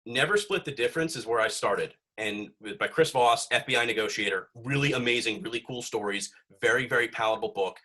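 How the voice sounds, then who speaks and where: Young guy on a podcast, husky but bright voice, rambly and swears a lot. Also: medium pitch, a little fast, few pauses. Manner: rambling, profane, filler-heavy. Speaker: podcast host. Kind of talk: casual podcast chat.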